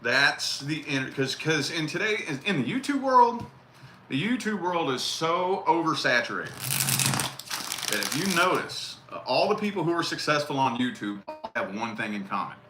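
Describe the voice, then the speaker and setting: Blunt male tarot reader, bright tense voice, roomy echo; casual and profane. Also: on the high side, sing-song, moderate pace. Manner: blunt, profane, repeats key phrases. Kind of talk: casual live tarot reading. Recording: roomy echo with faint noise.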